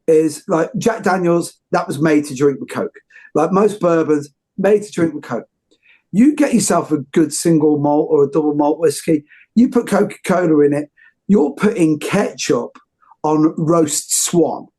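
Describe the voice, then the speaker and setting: A man's voice: on the high side, animated, normal speed, warm tone, slightly rough. A man hosting an interview, talking effusively and rambling with many restarts. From United Kingdom. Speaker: host. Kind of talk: casual interview chat.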